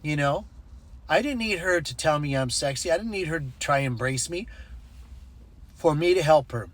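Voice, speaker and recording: A man's voice: fairly high pitch, animated, normal speed. A man telling a personal story in a casual vlog, acting out the voices in it and adding preachy asides. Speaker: ministry network leader.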